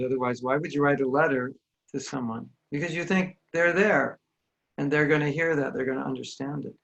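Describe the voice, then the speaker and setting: Over a video call, an American spiritual teacher gives an earnest, conversational online talk with questions, acting out the voices of those he quotes. His voice sits on the high side, gravelly and fairly bright. The recording is muffled.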